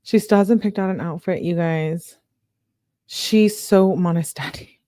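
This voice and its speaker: A woman reads text messages aloud in a mellow, relaxed voice. She stops often for casual, disbelieving asides to her viewers. The sound is dry and close, with no room echo. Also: lowish voice, measured pace. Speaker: true crime commentator.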